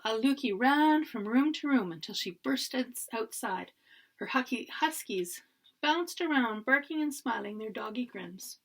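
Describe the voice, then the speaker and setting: Woman reading a children's story aloud. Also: on the high side. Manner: expressive storyteller. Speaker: volunteer teacher reading to children.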